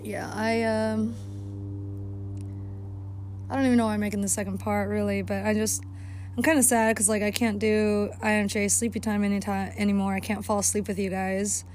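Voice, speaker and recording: A woman hosting a casual podcast while walking her dog outdoors at night, rambling and swearing heavily, sometimes yelling at the dog. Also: mid-range voice, level tone, normal speed, slight background noise. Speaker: podcast host.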